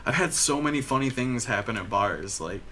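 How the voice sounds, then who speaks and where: A man's voice: medium pitch, lively intonation, normal speed, crowd noise. A young man from Michigan hosting a podcast, telling stories in a rambling, casual way with lots of filler and swearing. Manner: rambling storyteller, heavy filler "like", frequent swearing. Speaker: podcast host. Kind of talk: casual chat.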